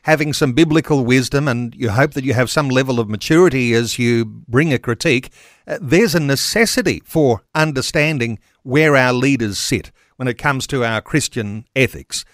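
Earnest guy hosting a radio chat, calm questions, dry studio sound. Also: mid-range voice, no room sound. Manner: measured, earnest, asking questions. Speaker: radio host. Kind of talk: radio interview.

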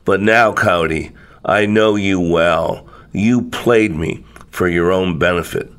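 A man's voice: fairly low pitch, expressive, unhurried, a bit bright, voice pushed down. A man voicing a put-upon male camel in a spoken folktale, pleading and reproachful by turns. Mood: angry.

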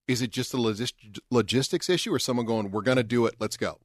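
A man's voice: mid-range voice, fast talker, no room sound, clean studio sound. A man hosting a casual talk show, chatty and joking as he throws out questions. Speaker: podcast host. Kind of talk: casual chat.

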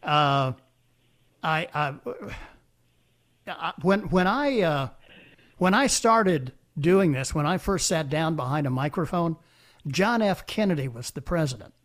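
An older man hosting a call-in talk radio show, talking in a halting way with many uhs and restarts. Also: on the high side, lively intonation, fairly bright tone.

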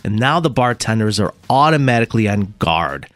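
Lively, animated male radio host. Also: fairly low pitch, fairly quick, no room sound. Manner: animated, laughing storyteller with frequent restarts. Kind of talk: casual on-air storytelling. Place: radio studio. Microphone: studio microphone.

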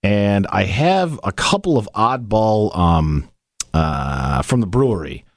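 A man's voice: fairly low pitch, sing-song, slow, no echo, clean studio sound. A man hosting a casual podcast, chatting and rambling animatedly with his co-host. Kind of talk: casual chat.

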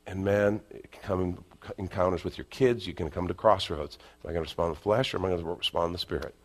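A middle-aged man preaching a sermon, animated, sometimes dropping to a quiet, intense voice and acting out inner voices. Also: on the low side. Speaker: pastor.

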